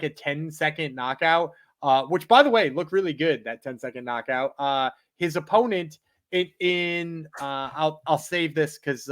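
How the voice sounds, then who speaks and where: A man co-hosting a sports betting podcast, his voice a touch higher than most men's. He talks through fight picks in a loose, rambling way, stopping often on fillers as he builds his case. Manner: relaxed, rambling with many uh fillers. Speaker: podcast co-host. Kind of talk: casual analysis chat.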